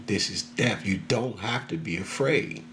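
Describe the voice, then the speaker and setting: A man quoting a gentle old grandmother, speaking slowly and soothingly. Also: fairly low pitch, slight background noise. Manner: slow, soothing.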